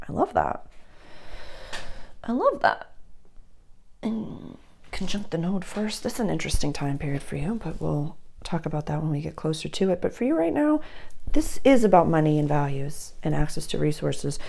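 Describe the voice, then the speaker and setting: A woman's voice: low-pitched, animated, fairly quick, creaky, mellow. A woman giving a casual, effusive astrology reading, rambling with many restarts. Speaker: astrology reader.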